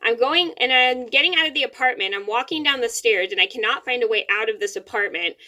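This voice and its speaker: A woman's voice: on the high side, quick pace, bright, forceful tone. A young woman telling a story to the camera in a rambling, casual way, repeating words and apologizing, a little teary-eyed. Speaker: vlogger.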